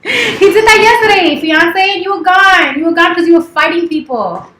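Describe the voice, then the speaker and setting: A woman's voice: very high-pitched, expressive, normal speed, fairly bright tone, echoey room, a little hiss or hum. A woman in her thirties chatting casually on a live stream, playful and teasing, swearing freely. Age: 30s. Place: office.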